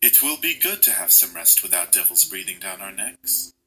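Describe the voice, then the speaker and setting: Brief: woman faking a weary young man, dropped very low, bright edge, faint hiss and a distant sound. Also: lively intonation, moderate pace, heavily acted.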